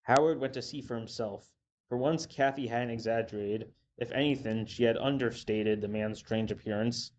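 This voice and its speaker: A man reading a story aloud in a steady, measured narration. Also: medium pitch. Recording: dull lo-fi with faint hiss.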